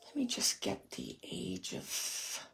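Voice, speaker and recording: A woman working as a psychic medium, giving a live reading in a soft, hesitant way, with many pauses, and repeating words as she relays messages. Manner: repeats words and phrases for emphasis. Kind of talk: live spirit reading for an audience member.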